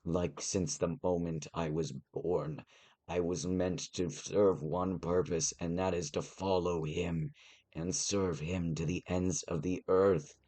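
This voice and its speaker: A man voicing a devoted older male knight in a tabletop game, gravelly and solemn. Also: deep voice, fairly even intonation, slow, warm tone. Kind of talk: tabletop role-play voicing.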